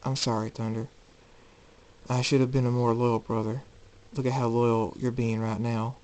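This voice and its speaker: A man voicing a remorseful young male brother figure, quiet and apologetic. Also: mid-range voice, little pitch movement, moderate pace, close to an everyday voice.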